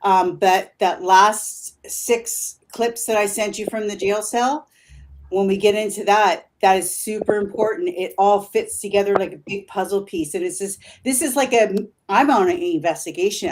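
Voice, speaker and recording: A woman's voice: mid-range voice, normal speed. A woman guest, a paranormal investigator, talking in a rambling, eager way and often laughing as she explains her evidence. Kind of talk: casual chat on a live stream.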